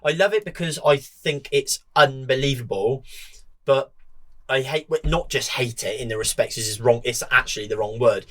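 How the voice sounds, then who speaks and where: A man's voice: medium pitch, normal speed, a bit bright. A man who races motorbikes, chatting as a podcast guest, telling rambling stories and swearing freely. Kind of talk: casual chat.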